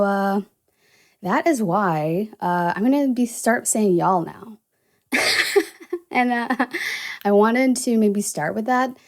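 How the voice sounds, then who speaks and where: Slow, gravelly-voiced woman podcast host. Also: medium pitch. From US South. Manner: rambling, many fillers like "you know" and "uh". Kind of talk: casual solo podcast monologue.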